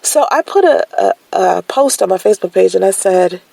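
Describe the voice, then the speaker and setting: A woman telling a personal story in a casual, slangy way, jumping up high when she acts out her own shocked reactions. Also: moderate pace, creaky, husky, no echo, poor audio. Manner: animated, slangy storytelling with sudden high-pitched exclamations.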